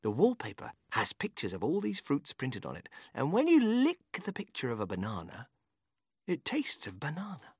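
An actor playing a manic, whimsical man who runs a candy factory, swinging from shouting to whispering. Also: mid-range voice, wildly swooping pitch, normal speed, breathy edge, no room sound, clean studio sound, full character voice. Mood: excited. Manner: bursts of shouting and sudden whispers.

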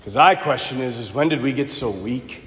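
A man preaching a passionate sermon to students and graduates, rising to shouts and acting out quoted voices. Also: mid-range voice, normal speed. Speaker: priest. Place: large church. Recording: echoey church with long reverb.

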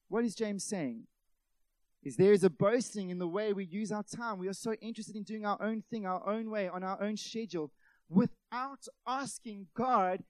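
High-voiced, animated male preacher. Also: moderate pace, no room sound. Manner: animated, with many rhetorical questions and acted-out quotes; addresses the audience as friends. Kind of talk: sermon.

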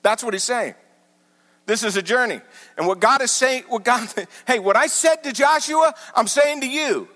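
A man preaching a sermon as pastor, teaching with animated, emphatic repetition. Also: very high voice, normal speed. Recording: large hall with long reverb.

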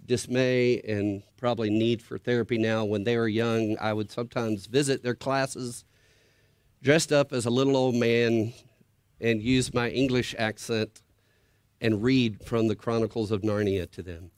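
A middle-aged man reads a story aloud with drama and expression, speeding up and slowing down for effect. His voice sits at an ordinary pitch for a man. The recording is dry and close. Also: steady tone, dry recording. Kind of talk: storybook reading to a congregation.

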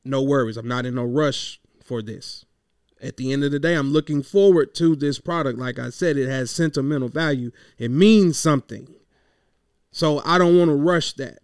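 Gravelly, frustrated man venting. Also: mid-range voice, normal speed, dry recording, clean studio sound. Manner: frustrated, rambling, swears freely. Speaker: podcaster. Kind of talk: casual venting monologue.

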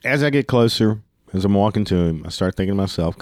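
A man with a fairly low voice tells a story casually, swearing freely as he gets heated. The recording is dry and close, with no room sound. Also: animated, fast, a little mellow, dry recording.

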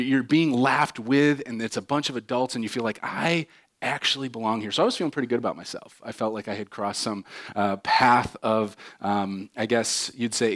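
A man in his thirties, a pastor preaching a sermon and telling a funny personal story with lots of fillers. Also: mid-range voice. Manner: animated, self-mocking storyteller with many fillers.

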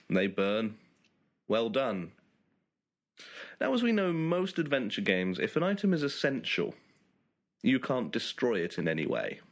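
A man hosting a casual group chat, explaining things in a wry, storytelling way. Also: on the low side.

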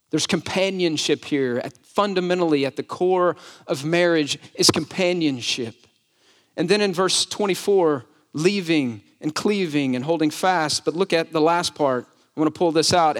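A man preaching a sermon. His voice sits a little high for a man. He speaks emphatically and keeps asking the congregation questions. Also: fairly bright tone. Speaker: pastor.

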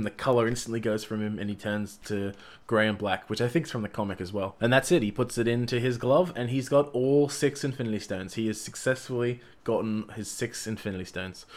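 A man casually recapping a movie plot and giving his opinions, talking in an animated way with frequent fillers and restarts. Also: mid-range voice. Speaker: film reviewer.

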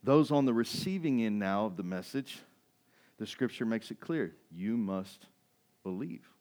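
A man preaching a sermon, moving from hushed, intense passages to loud, fervent ones, often asking the congregation "right?". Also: expressive, a little slow. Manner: builds from hushed intensity to loud, high-pitched fervor, with rhetorical "right?"; acts out quoted voices of doubters. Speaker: pastor.

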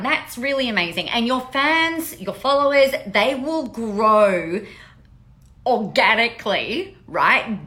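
A woman hosting a podcast, talking in a casual monologue, blunt and animated with frequent swearing. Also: a little high. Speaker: podcast host.

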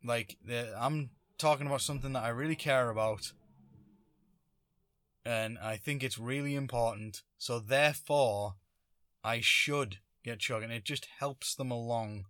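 A man's voice: mid-range voice, measured pace, fairly bright tone, dry recording, studio quality. A man talking alone in a rambling, sarcastic way, often stopping himself mid-thought. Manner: rambling, sarcastic, self-interrupting. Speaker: vlogger. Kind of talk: casual solo monologue.

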